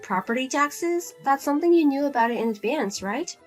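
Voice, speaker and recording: A woman playing a fed-up grown daughter who speaks flatly and firmly to her pushy mother in a narrated drama. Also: sits high, a little fast, faint music behind. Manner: flat, firm, cold and blunt. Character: Lizzie, grown daughter, cool, blunt, fed up.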